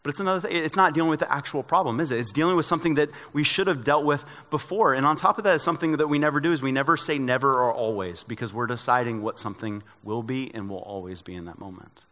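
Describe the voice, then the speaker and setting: Bright-voiced preacher in a reverberant hall. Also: male voice, medium pitch, fast, hardly any pauses. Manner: conversational preaching with joking personal asides. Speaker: pastor. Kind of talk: sermon.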